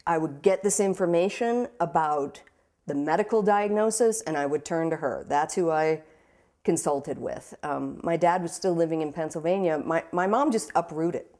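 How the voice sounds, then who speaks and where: Young woman, slightly low pitch, personal testimony, halting and emotional but steady. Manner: halting, repeats words while searching for them. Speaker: interviewee. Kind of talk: personal storytelling.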